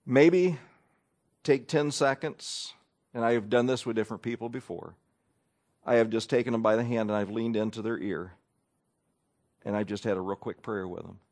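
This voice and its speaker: A pastor preaching in a folksy, conversational way, wry and quick to act out people's voices. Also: male voice, on the low side, a little mellow. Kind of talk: conversational sermon.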